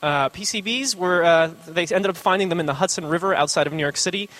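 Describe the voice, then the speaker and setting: A man's voice: sits high, fast, a bit bright. A man giving an informal classroom lecture, rambling with joking asides and lots of filler words.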